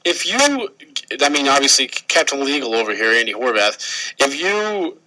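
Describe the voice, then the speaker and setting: A man's voice: medium pitch, sing-song, moderate pace, sharp tone, low-quality recording. A young man co-hosting a casual radio show, joking around and rambling through his points with lots of restarts.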